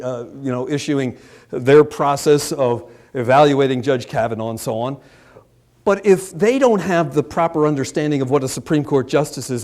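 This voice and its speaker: A man preaching a political sermon as a pastor, impassioned, swinging between loud emphatic peaks and low muttered asides. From Maryland, USA.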